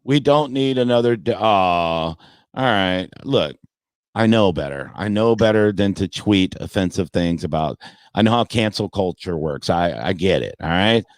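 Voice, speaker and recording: A deep, animated voice at a moderate pace belongs to a comedian guesting on a podcast. He riffs on sports casually, swearing freely and mocking his detractors, and there's no room sound.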